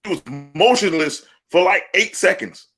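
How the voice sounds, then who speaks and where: A man's voice: high-pitched, moderate pace, breathy edge, faint music behind. A man co-hosting a sports podcast, talking casually and boastfully, telling stories with laughter and swearing. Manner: boastful, animated storytelling with laughs and profanity. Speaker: podcast co-host.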